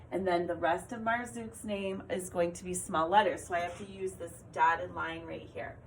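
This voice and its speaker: A woman teaching small children in a recorded video lesson, her voice sitting at a middle pitch. She talks slowly and clearly, coaxing and praising as she writes. A faint background noise runs under the recording. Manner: slow, clear, encouraging teacher talk. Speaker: kindergarten teacher.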